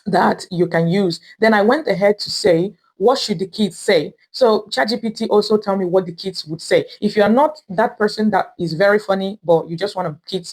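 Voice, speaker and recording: A woman with a Nigerian accent hosting a how-to tutorial, explaining each step patiently and repeating herself. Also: fairly low pitch. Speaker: tutorial host. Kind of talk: screen-recorded how-to tutorial.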